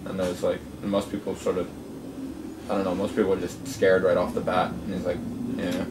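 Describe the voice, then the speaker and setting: Low-voiced guy telling a rambling road story outdoors, mic a ways off, lots of background noise. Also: monotone, a little fast, recorded from a distance. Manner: rambling, with many fillers and restarts. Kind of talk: casual storytelling. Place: outdoors at a gathering.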